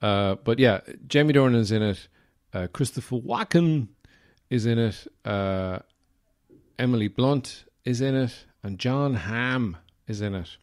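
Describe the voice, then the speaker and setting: A man's voice: mid-range voice, a little slow. An Irish man hosting a solo podcast, rambling wryly from thought to thought with lots of "uh" fillers. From Ireland. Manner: rambling and digressive, many "uh" fillers; wry, self-deprecating humor. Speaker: podcast host. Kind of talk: casual solo podcast talk.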